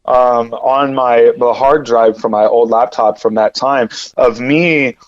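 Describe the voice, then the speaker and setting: A man telling a personal story as a podcast guest, rambling and animated, with lots of fillers and repeated words. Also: mid-range voice, slow, highs cut off. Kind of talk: casual storytelling.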